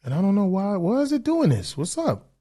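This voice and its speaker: A man's voice: high-pitched, wildly swooping pitch, a little fast, warm tone. A man hosting a casual podcast livestream, ranting in a profane, heated, rambling way. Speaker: podcast host.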